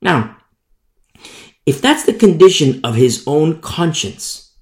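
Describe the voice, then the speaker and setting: A man's voice: a little high, big pitch swings, slow pace, a little mellow, echoey room. A man preaching a sermon as a pastor, emphatic and repetitive, sometimes mocking the voices of hypocrites.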